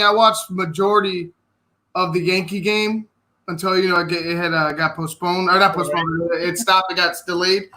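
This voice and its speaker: A man co-hosting a casual morning sports talk show, excitable, repeating himself and laughing between phrases. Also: high voice, low-quality recording.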